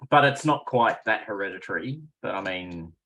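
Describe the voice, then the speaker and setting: A man running a tabletop game as game master, relaxed and chatty, with frequent ums. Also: on the low side, moderate pace, poor audio.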